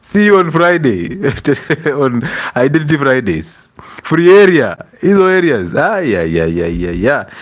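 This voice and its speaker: A young man with a Kenyan accent chats on a livestream, mixing English with bits of Swahili. His pitch is animated and bouncy, with frequent bursts of laughter and exclamations as he greets his audience. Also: measured pace. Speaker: livestream host. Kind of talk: casual livestream chat reading out viewers.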